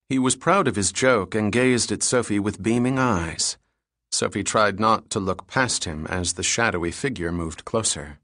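A man narrating an action story as an audiobook in a steady, measured way. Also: lowish voice, no echo, studio quality.

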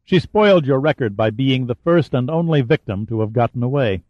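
A man voicing a tough male military hero who talks in a dry, sardonic, steady way, on a dry, slightly dull recording. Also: mid-range voice, fairly quick, dry recording, close to an everyday voice. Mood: defiant.

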